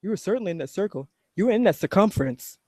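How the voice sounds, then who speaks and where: A woman's voice: mid-range voice, lively intonation, racing, mellow, no echo, clean studio sound. A woman giving a heated, profane, sarcastic rant while reacting to a video. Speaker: online commentator. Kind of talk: ranting reaction commentary.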